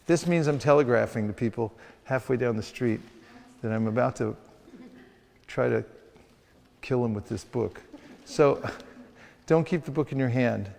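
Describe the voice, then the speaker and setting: A man's voice: mid-range voice, unhurried, gravelly, pauses often, a little mellow. A man leading a hands-on training session for a group, playfully acting out street encounters as he teaches. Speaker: sales trainer. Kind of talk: hands-on training talk with demonstrations. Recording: long reverb of a hall.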